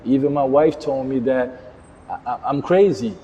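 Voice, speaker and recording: A middle-aged man from Verde, a Creole speaker, giving an earnest personal testimony as an interview guest in halting, repetitive phrasing. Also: mid-range voice, warm tone, highs cut off, slight background noise. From Cape Verde. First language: Cape Verdean Creole. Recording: long reverb.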